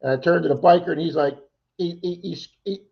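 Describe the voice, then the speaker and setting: A man's voice: on the high side, a little fast, vocal fry. A man co-hosting a casual livestream chat, telling rambling stories and acting out other people's lines. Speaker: livestream co-host. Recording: dull lo-fi stream audio.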